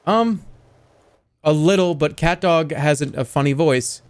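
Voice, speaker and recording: A man's voice: a little high, a little slow, smooth. A man streaming casually, arguing playfully with his chat. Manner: argumentative, animated banter with chat. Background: faint music.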